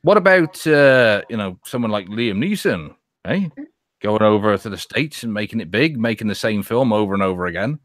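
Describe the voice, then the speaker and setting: A man's voice: fairly low pitch, lively intonation, normal speed, no room sound, studio quality. A man hosting a casual podcast chat, teasing and sardonic, swearing freely. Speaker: host.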